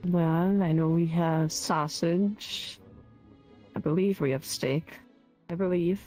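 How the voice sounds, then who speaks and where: A woman with a low, mellow voice plays a food seller in a role-play. She talks slowly and unsure of herself, hedging her answers, and faint music sits behind her. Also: fairly even intonation. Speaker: shopkeeper character selling food. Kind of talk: in-character role-play chat.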